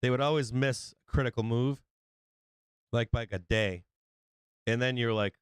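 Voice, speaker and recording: A man's voice: medium pitch, normal speed, pauses often, smooth, no room sound. Male stream host, loose profane rambler, clean dry close sound. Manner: rambling, swears a lot, acts out quotes. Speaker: livestream trading host. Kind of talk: casual profane chat.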